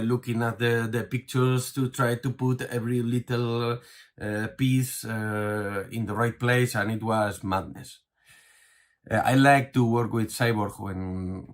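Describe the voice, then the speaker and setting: A man, a comic book artist, answering an interview question in a hesitant, halting way with many fillers and restarts. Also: fairly low pitch.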